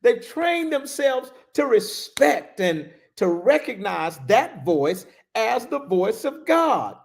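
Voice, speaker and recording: A man preaching a sermon as a bishop, animated and laughing, repeating key phrases for emphasis. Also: very high-pitched, takes it slowly, vocal fry. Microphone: livestream.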